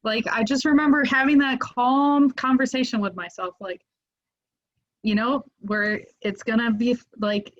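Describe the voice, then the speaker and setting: A young woman telling a story as a podcast guest in a casual, animated way, full of filler words. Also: fairly high pitch, measured pace. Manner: animated, many "like" fillers, acts out quoted voices. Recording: muffled lo-fi audio.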